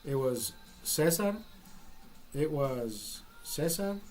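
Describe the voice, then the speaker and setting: A man's voice: a little high, drawn-out words, faint music behind. A man from Honduras with a Honduran accent, telling a story casually and profanely, acting out what people said. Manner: profane, animated storytelling with acted-out quotes. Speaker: podcast host.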